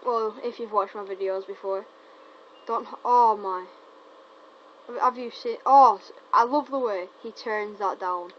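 A woman giving casual, teasing gameplay commentary, excitable and often stumbling over her words. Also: mid-range voice, measured pace. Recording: dull lo-fi recording with faint noise.

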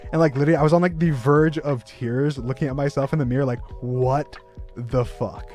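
This young man's voice is a little high and darkish, quick and fairly even in intonation, with faint music behind it. On his livestream he tells a long story in a filler-heavy, rambling way, poking fun at himself and bursting out laughing.

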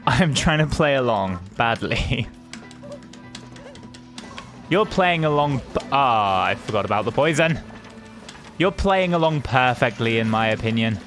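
A man's voice: mid-range voice, animated, a little slow, pauses often, a bit bright, soft background music. A man, chatting playfully while streaming a video game. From Austria. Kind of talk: casual gaming chat.

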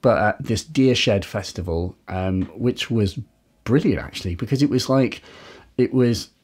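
A man's voice: fairly low pitch, measured pace, a little mellow. A man from northern England chatting on a podcast as a guest, rambling and breaking off his sentences, with lots of "like". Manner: rambling, self-interrupting, lots of "like". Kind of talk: casual podcast conversation.

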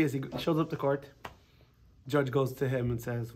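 A rabbi teaching a casual Torah class, telling stories in an animated way with frequent restarts. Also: male voice, medium pitch, normal speed, a little hiss or hum.

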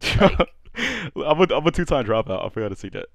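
A man's voice: fairly high pitch, sing-song, moderate pace, gravelly, a bit bright. A young man, drunk, chatting casually on a streamed dating show, rambling and stuttering with lots of slang. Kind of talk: casual chat.

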